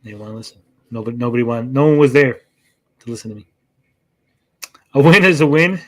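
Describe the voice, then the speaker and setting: Talking fast with lively intonation, this mid-range-voiced streamer narrates a long tale while reacting to content. He keeps tacking "right?" onto his sentences and plays out quoted exchanges in a raised voice.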